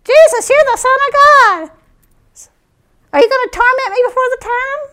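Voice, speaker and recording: A woman voicing a demon-possessed person crying out in a shrill, frantic voice. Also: moderate pace, sharp tone. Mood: shrieking.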